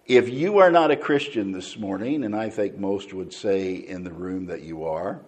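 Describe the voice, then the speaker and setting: A man preaching a sermon to a church congregation, repeating key phrases slowly and deliberately. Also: deep voice, a little mellow. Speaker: pastor.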